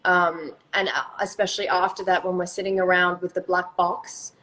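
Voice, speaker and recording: A woman's voice: on the low side, little pitch movement, moderate pace, fairly bright tone, rough recording. A young woman in casual chat on a phone livestream, chatty and swearing casually, often restarting her sentences. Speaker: actor in a live chat.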